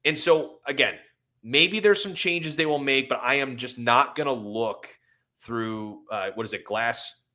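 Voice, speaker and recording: Passionate bright-voiced podcaster. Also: male voice, medium pitch, unhurried. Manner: impassioned, rambling, apologetic. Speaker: podcast co-host. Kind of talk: emotional casual sports talk.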